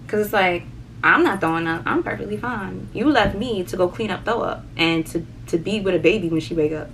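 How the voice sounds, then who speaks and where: A young woman vlogger chatting casually through a story, animated, swearing and repeating words for emphasis. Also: medium pitch, a little fast, vocal fry, a little hiss or hum, poor audio.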